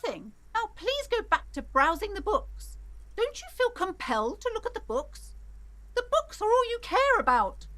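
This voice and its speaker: A woman's voice: high voice, sing-song, moderate pace, a bit bright. An actress playing a nervous female shop owner who talks in an anxious, coaxing, insistent way. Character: nervous female bookshop owner, pleading and secretive. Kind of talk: video game voice acting.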